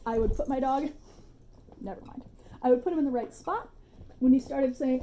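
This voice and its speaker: A woman dog trainer giving a relaxed, chatty demonstration tutorial at home, with informal asides. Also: high voice, a little fast, a little hiss or hum.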